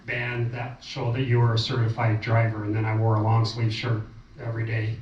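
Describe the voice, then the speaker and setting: A man's voice: lowish voice, monotone, brisk, darkish tone. A man, a fellow volunteer, explaining details to a meeting audience in a matter-of-fact way. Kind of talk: informal talk to a meeting audience. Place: meeting room. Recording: roomy, distant, dull sound with faint noise.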